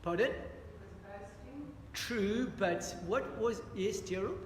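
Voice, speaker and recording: High-voiced man teaching a Bible study. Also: slow, a little hiss or hum. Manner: earnest, questions the audience, repeats "dear friends". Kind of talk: interactive Bible study lesson. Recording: echoey hall with long reverb, faint ambience.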